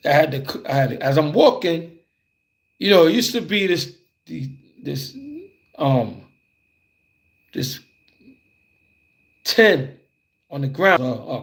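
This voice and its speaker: A man casually telling a childhood story, animated and conversational, acting out the scenes as he goes. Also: a little high, takes it slowly, pauses often.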